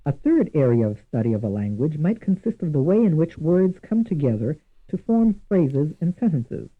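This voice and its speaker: A man giving scripted instructional narration for a language course, measured and deliberate, repeating each example word twice. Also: on the high side, sing-song. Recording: tinny lo-fi archival course audio.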